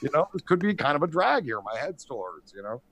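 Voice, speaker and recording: Talking fast with a fairly high voice, this forties-aged podcast host tells meandering, foul-mouthed stories in casual conversation, bringing the people in them to life with animated voices.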